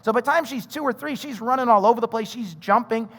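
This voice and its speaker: A pastor preaching a sermon, telling stories animatedly and acting out quoted voices. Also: male voice, extremely high pitch, quick pace, breathy edge. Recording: long reverb of a large hall.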